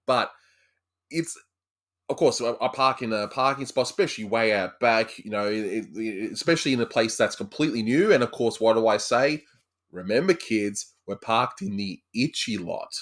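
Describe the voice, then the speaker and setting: A man in his thirties, a father, chatting casually as a podcast guest, halting and repeating words with frequent laughs. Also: mid-range voice, fairly bright tone.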